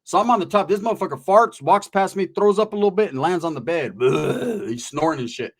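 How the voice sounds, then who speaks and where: A man from Northern California telling a casual story, animated and profane, acting out the voices of the people in it. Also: sits high, brisk.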